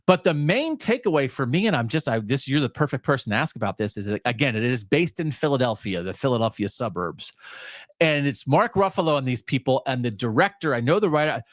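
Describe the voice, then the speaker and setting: A man co-hosting a sports talk podcast, chatting casually and telling rambling, animated stories. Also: mid-range voice, brisk, dry recording, studio quality. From US Mid-Atlantic region. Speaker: podcast co-host. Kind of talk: casual chat.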